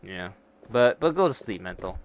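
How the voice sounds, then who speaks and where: A young man with a fairly low voice talks to his stream while playing a VR game, rambling and restarting his sentences and swearing now and then. A faint noise sits under his voice. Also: sing-song, moderate pace. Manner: rambling, stop-start, casual swearing. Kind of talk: casual gaming stream chat.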